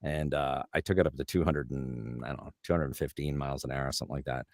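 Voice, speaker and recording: Deep, low middle-aged male guest, chatty and rambling, dry close sound. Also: quick pace, creaky, no room sound. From Canada. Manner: animated anecdotes with lots of restarts and fillers. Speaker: guest voice actor. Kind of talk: casual interview storytelling.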